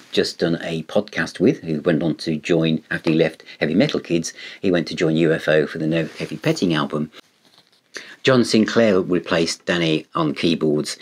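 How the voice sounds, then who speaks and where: Low, husky-voiced man chatting loosely through an album review. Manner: rambling, conversational, many fillers and restarts. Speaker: music reviewer.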